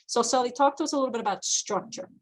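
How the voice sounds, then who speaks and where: A woman moderating a business panel, speaking directly and energetically, with a quick Spanish aside. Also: on the high side, low-quality recording. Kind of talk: panel discussion.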